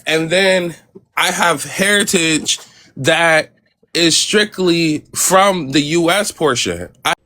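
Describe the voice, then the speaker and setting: A man's voice: on the high side, slow, bright, forceful tone. A man in a casual group discussion, speaking hesitantly with many restarts.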